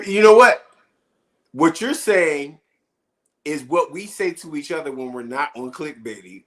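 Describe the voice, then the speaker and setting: A man co-hosting a casual podcast chat, arguing in an animated way and asking rhetorical questions. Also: mid-range voice. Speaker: podcast co-host. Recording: roomy echo.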